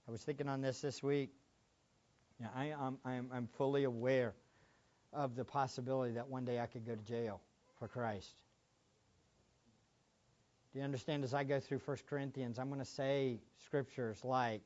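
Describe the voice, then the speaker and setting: Male pastor, sermon delivery, swings between hushed asides and loud emphasis, slightly dull recording. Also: mid-range voice, steady tone, moderate pace, pauses often.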